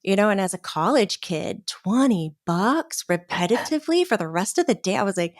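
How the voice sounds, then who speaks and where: A woman's voice: medium pitch, animated, moderate pace, few pauses, no echo, clean studio sound. A middle-aged woman guest telling a story in casual chat, laughing often and acting out the people she quotes. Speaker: podcast guest, medium.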